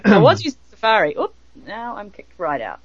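A woman joins a live online chat as a co-guest, playful and quick to giggle. Her voice swings up and down a lot. It comes through dry and slightly muffled on a lo-fi line. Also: mid-range voice, wildly swooping pitch, husky, no echo. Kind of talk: casual banter on a live stream call.

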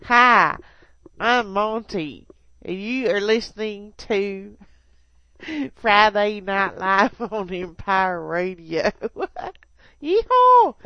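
A woman's voice: mid-range voice, drawn-out words, bright, forceful tone, no room sound, muffled recording. A woman hosting an internet radio show, chatting in a playful, giggly way. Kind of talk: casual radio banter.

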